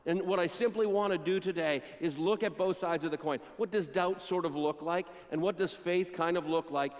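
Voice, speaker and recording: A man preaching a sermon, retelling Bible stories and acting out the quotes with dramatic pauses. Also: high-pitched, long reverb tail. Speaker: pastor. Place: church sanctuary.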